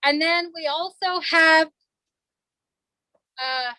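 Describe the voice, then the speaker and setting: A woman's voice: very high voice, extremely slow, pushed and bright, a little hiss or hum, rough recording. A middle-aged woman, a council delegate, addressing a community meeting in an earnest, emotional way and repeating herself for emphasis.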